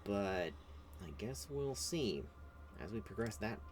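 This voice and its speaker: A man's voice: lowish voice, animated, takes it slowly, slight background noise. A man streaming a video game, giving sarcastic commentary, swearing and laughing often. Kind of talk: gameplay commentary.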